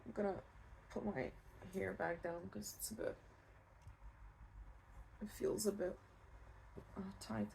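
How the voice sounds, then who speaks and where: A woman giving a casual pick-a-card tarot reading, chatty and rambling, with soft laughs and fillers. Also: medium pitch, steady tone, slow pace, vocal fry, long pauses, slight background noise. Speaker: tarot reader.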